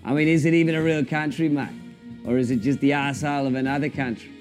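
A man's voice: a little high, steady tone, fast talker, over music, close to an everyday voice. A man doing a comedy impression of a defensive, cocky older male rugby coach, ending every line with "mate". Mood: defiant.

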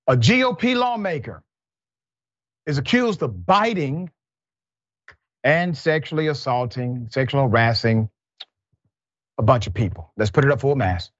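A man's voice: medium pitch, no echo. A man hosting a news commentary show, reading reports aloud and breaking into exasperated asides. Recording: dull, muffled, lo-fi sound.

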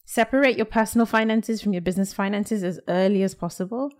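A woman's voice: medium pitch, quick pace. A woman speaking as a podcast guest in a candid, casual interview, with frequent fillers.

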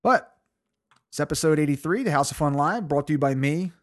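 Solo podcast host, man with a slightly high voice, profane and self-mocking storyteller who breaks into laughter. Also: animated, fairly quick.

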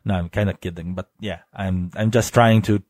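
A man's voice: low-pitched, fairly even intonation, normal speed, a little mellow, dry recording, studio quality. A man with an Italian accent hosting a solo podcast in a casual, earnest way, with plenty of fillers and self-corrections. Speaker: podcast host.

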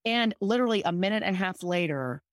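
A woman's voice: medium pitch, expressive, fast, dry recording, studio quality. A woman guest telling negotiation stories in a podcast interview, emphatic and punchy, repeating her key points. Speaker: guest, sports agent. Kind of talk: conversational storytelling in a podcast interview.

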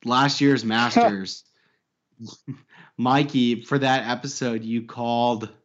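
A man's voice: medium pitch, steady tone, slow pace, lo-fi sound. Laughing, joking podcast co-host man. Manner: joking, laughs often, swears. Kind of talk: casual podcast banter.

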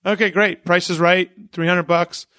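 A man, an event promoter, telling lively stories as a guest on a podcast and acting out what people said. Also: high voice, moderate pace, no room sound, studio quality. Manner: animated anecdote-teller who acts out quotes. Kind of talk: casual interview storytelling.

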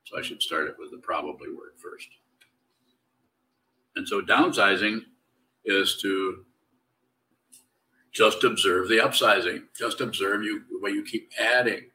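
A man giving a slow, halting, reflective dharma talk as a Zen teacher, in a slightly whiny tone. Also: lowish voice, pushed and bright, a little hiss or hum. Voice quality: self-described whiny tone. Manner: slow, halting, reflective delivery with many restarts. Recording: distant mic.

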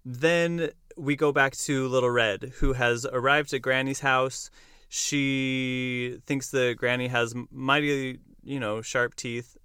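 A young man hosting a podcast, recapping a musical in casual chat, animated and quick to laugh. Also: mid-range voice, clear, resonant tone, no room sound, clean studio sound. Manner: enthusiastic storyteller who acts out lines and laughs often. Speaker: podcast host.

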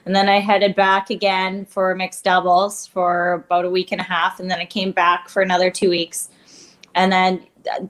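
A woman in her thirties, a curler, talking openly in a casual interview and laughing often. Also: on the low side. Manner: candid, emotional, laughs often.

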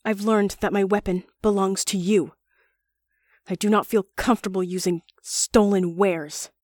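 A woman's voice: medium pitch, fairly even intonation, a little slow, darkish tone, no room sound, close to an everyday voice. A woman voicing an honest female sword for hire who talks bluntly, in a dry recording. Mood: earnest. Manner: blunt, exasperated.

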